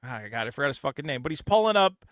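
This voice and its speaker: Lively, profane, bright-voiced male host. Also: on the high side, racing, dry recording, studio quality. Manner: profane, blunt, mocks others in exaggerated voices. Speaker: podcast host. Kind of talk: casual podcast chat.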